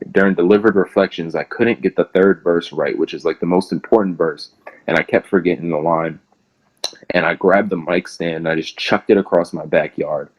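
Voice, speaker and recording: A young man with a low voice, heard through a muffled recording, is a guest in an interview. He tells a long story in a rambling, casual way, cramming "like" into nearly every phrase.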